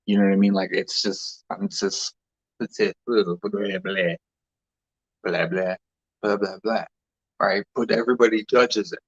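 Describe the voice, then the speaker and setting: A man's voice: on the low side, fairly even intonation, measured pace, slightly rough, dull audio. A man hosting a casual livestream, rambling loosely with restarts and fillers as he greets viewers. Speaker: livestream host.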